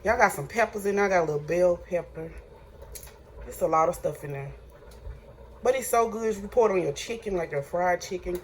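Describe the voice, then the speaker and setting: A woman's voice: lowish voice, brisk. A woman filming a casual cooking vlog in her home kitchen, chatting with her viewers and calling them y'all as she cooks. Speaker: home cook vlogger. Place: home kitchen with frying on the stove. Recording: noisy kitchen recording. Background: sizzling pan and running tap.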